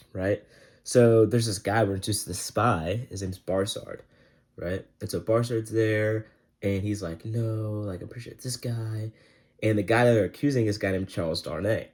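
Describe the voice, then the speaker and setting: A young man talks through a book review in a loose, rambling way, leaning on slang and filler words. His voice sits low, with a soft, mellow tone. He chats easily, like he is talking to friends.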